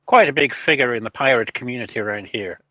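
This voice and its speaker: A man's voice: mid-range voice, quick pace, sharp tone, no echo, dull audio. A man playing in a tabletop game, trading puns in character over a remote call. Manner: dry, joke-telling, punning. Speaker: player.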